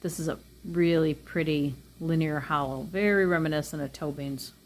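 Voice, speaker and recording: Low-voiced chatty woman reviewing polish. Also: fairly even intonation, normal speed, a little mellow, a little hiss or hum. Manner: chatty, rambling, frequent ums. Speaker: nail polish vlogger. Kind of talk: casual product review.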